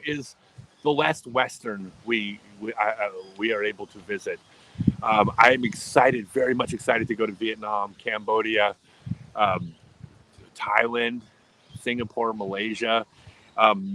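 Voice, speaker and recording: Middle-aged man, bright voice, rambling casual livestream chat, frequent restarts. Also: medium pitch, rough recording. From United States. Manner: rambling, chatty, restarts sentences often. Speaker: livestream host.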